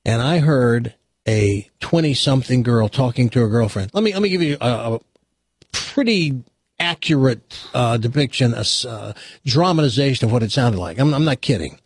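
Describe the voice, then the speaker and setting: A man's voice: mid-range voice, expressive, normal speed, husky, no room sound. A male radio host chatting casually, a rambling storyteller in the studio.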